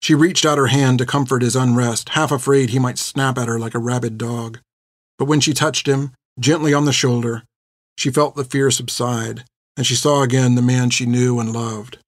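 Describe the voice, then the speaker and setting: This audiobook narrator is a man delivering scripted narration at a middle pitch, with a steady, measured pace. The close studio mic captures a dry sound, and there is no room sound at all.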